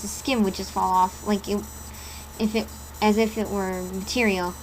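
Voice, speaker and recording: A woman with a medium-pitched voice reads a horror story aloud in a dramatic, storytelling manner, occasionally tripping over a word. The recording is low quality, with slight background noise.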